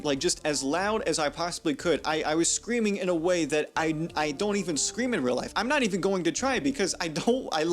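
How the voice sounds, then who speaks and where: A young man talking through a rambling, confessional video essay in an earnest, self-deprecating way. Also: fairly high pitch.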